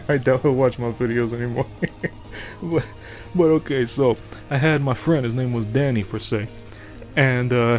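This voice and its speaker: A male vlogger talking straight to camera in a loose, rambling monologue at a mid-range pitch. He doubles back on his words and breaks into short chuckles, with faint music underneath. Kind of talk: casual opinion monologue.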